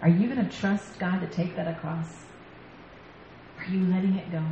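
Animated woman preaching in an echoey hall. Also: lowish voice, normal speed, lo-fi sound. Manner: lively storyteller, laughs often. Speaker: women's ministry speaker. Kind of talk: sermon-style faith talk. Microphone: stage mic. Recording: echoey hall, faint background noise.

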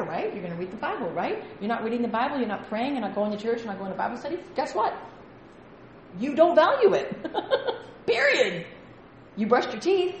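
A woman preaching to a women's gathering, direct and exhorting, with rhetorical questions and quick asides. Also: fairly high pitch, roomy sound, a little hiss or hum, rough recording. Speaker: women's ministry speaker. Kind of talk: sermon.

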